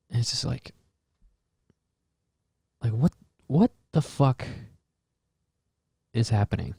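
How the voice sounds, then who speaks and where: Warm-voiced rambling man musing aloud. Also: mid-range voice, moderate pace, pauses often, dry recording, studio quality. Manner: rambling, musing, swears freely; trails off with fillers, restarts. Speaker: podcast host. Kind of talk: casual solo podcast monologue.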